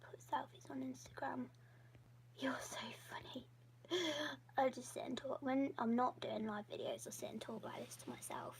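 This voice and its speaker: Soft-spoken woman, half-whispering. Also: sits high, steady tone, moderate pace, low-quality recording. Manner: drawing while she talks. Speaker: YouTuber and artist. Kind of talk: casual live-stream Q&A chat.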